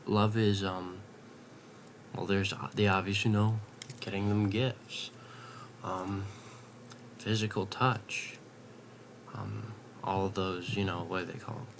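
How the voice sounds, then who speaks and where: A young man vlogging in a late-night ramble at home, swearing casually and drifting into soft half-whispers. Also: low voice, little pitch movement, slow, vocal fry, pauses often, slight background noise.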